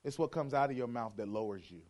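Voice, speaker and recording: A man's voice: medium pitch, fast, darkish tone. A man preaching a sermon, emphatic and playful, hammering his point with repeated phrases and mimicking how churchgoers talk.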